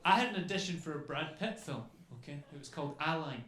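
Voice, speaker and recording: A man's voice: on the high side, animated, quick pace, fairly bright tone. A man doing a stand-up comedy routine on a club stage into a handheld mic, chatty, adding "okay?" after his lines. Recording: echoey club with faint ambience.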